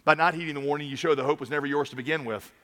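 A man preaching a sermon from a church stage, swinging between loud urging and quiet earnest talk. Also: fairly high pitch, steady tone, very fast, long reverb tail. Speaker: pastor.

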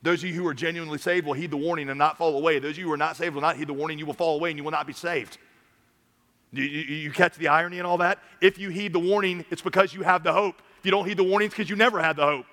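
Emphatic preacher in a reverberant hall. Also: male voice, a little high, fairly even intonation, very fast. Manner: emphatic preaching, swinging from loud urging to quiet earnest talk. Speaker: pastor. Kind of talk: sermon. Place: large church stage.

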